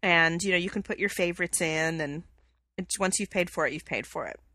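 A woman's voice: lowish voice, fairly quick, bright, forceful tone, dry recording. A young woman co-hosting a podcast, chatting casually and gushing with enthusiasm. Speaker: podcast co-host. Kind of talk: casual chat.

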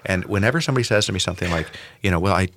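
A man telling a long story in casual chat, animated and swinging between loud and soft. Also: low-pitched, racing, heavy background noise.

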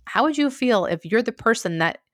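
A woman's voice: fairly high pitch, animated, a little fast, dry recording. A woman hosting her own podcast, talking frankly and conversationally, full of asides, into a close mic. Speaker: podcast host. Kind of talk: candid solo podcast monologue.

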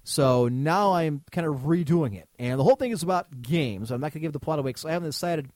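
A man's voice: fairly high pitch, fast talker, a little mellow, no echo. A man co-hosting a podcast in casual chat, ranting and swearing freely. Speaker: podcast co-host.

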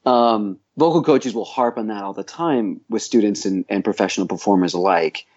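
A man's voice: on the low side, moderate pace, a little mellow, dull audio. A man working as a voice coach and acting teacher, speaking in a podcast interview in a reflective, opinionated way, thinking aloud with frequent restarts.

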